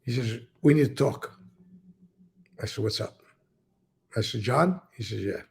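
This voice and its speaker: In an unhurried casual interview, an ex-mobster shares stories from the old days in a rough, husky, deeply gravelly voice. Frequent swearing, repeated words, and acted-out dialogue from the characters run through his telling.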